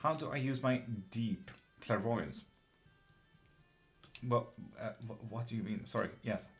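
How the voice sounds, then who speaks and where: A man doing live tarot readings, chatting breezily with viewers and answering questions quickly, with casual swearing. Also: mid-range voice, faint music behind. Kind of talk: casual live-stream chat.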